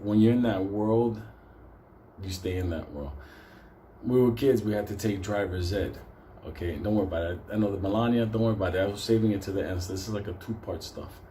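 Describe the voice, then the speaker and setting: A man's voice: low voice, warm tone, a little hiss or hum. A middle-aged man telling a comic story from his youth, rambling, swearing constantly and prone to laughing. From New York City. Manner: profane, rambling, easily breaks into laughter.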